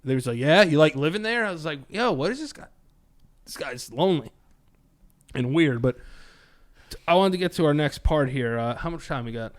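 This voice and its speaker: A man's voice: on the high side, animated, brisk. A man co-hosting a podcast, telling a story in casual chat with lots of swearing and quoted voices. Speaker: podcast co-host.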